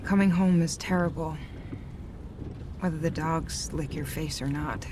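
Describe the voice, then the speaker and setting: A weary, lonely young woman in a film scene, brooding and quiet. Her voice sits a little low. Clear background noise runs under the film clip. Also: measured pace.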